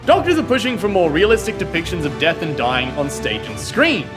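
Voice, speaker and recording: A man's voice: fairly high pitch, very animated, fairly quick, over music. A man co-hosting a comedy show, reading mock news in a mock-serious, playful way.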